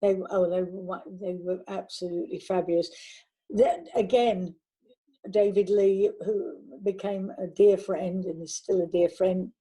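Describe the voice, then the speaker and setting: An older woman, a veteran actress, chatting warmly in an interview and telling anecdotes from her career. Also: mid-range voice, steady tone, measured pace, husky, rough recording. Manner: warm anecdotal, chatty with restarts. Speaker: actress guest. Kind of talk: reminiscing interview talk.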